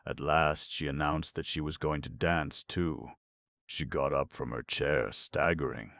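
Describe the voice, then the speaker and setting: A man reads a novel aloud in a measured, steady way. His voice is very deep with a gravelly fry, and the recording is dry and close with no room sound. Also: no echo. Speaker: audiobook narrator. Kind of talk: scripted narration.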